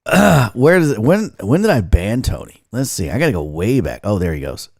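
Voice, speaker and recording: A man's voice: fairly low pitch, sing-song, a little fast, gravelly, a little mellow, dry recording, studio quality. A man hosting a sports talk livestream with his voice altered by inhaled helium, trading crude jokes and banter with his chat. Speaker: sports talk show host.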